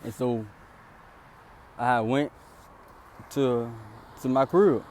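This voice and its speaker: A man's voice: slow pace, a little mellow, slight background noise. A young man casually recounting a story outdoors in a rambling, repetitive way. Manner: rambling, repetitive "then boom" narration.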